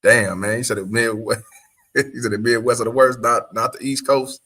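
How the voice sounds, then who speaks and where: A man's voice: mid-range voice, fairly even intonation, normal speed, sharp tone. A man hosting a casual reaction show, profane and laughing often as he comments. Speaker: host.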